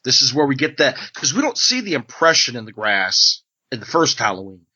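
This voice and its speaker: A man co-hosting a podcast in casual chat, animated and quick to laugh. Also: medium pitch, slightly rough. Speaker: podcast co-host. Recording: dry, dull lo-fi podcast audio.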